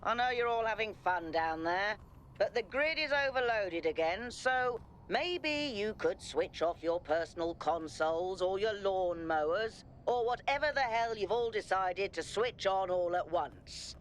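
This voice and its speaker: An actor playing a gruff, harried male robot overseer in a video game, brusque and grumbling. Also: high voice, lively intonation, measured pace, a little hiss or hum. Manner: brusque, grumbling, swears mildly.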